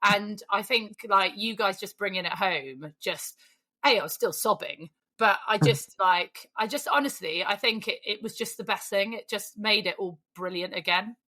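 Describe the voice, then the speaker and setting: Bright, effusive British woman host. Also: medium pitch, moderate pace. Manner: effusive, emotional, swears. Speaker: podcast host. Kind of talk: casual chat.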